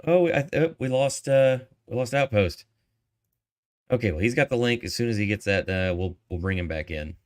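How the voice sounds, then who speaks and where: Low-voiced man venting emphatically. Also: animated, moderate pace, darkish tone. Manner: emphatic, exasperated opinions. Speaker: podcast guest. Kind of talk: casual chat. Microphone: video call.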